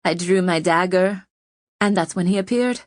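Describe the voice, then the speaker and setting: A woman's voice: lowish voice, normal speed, no echo, clean studio sound, lightly acted. A woman voicing a fierce, vengeful young female poisoner in an audiobook, speaking in an intense, agitated way. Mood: shaken.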